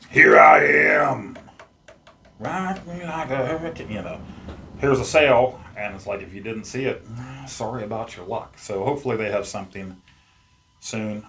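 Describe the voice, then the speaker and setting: A man hosting a casual unboxing vlog at home, chatting in a rambling way as he handles the gear. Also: fairly low pitch. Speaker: YouTube host. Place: at home among his game collection.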